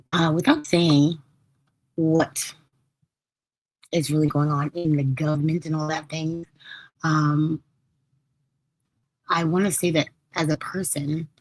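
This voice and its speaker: A woman hosting a live podcast stream, her voice a little hoarse as she recovers from losing it, chatting casually and playfully with listeners. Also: low-pitched, darkish tone, poor audio. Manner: chatty, laughing, storytelling with playful quoted asides. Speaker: podcast host.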